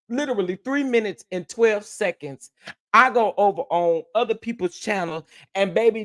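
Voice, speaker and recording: A man hosting a livestream, ranting casually in a sassy, animated way and laughing often. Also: high voice. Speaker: livestream host.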